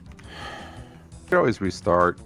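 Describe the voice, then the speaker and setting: A man's voice: deep voice, sing-song, a little slow, over music. A man in a casual multiplayer game session, teasing and giving offhand advice to friends. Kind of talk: casual multiplayer gaming chat.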